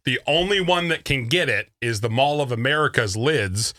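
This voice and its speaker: A man's voice: medium pitch, animated, normal speed, sharp tone. A man co-hosting a radio show, bantering casually in a mock-indignant way. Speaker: radio co-host.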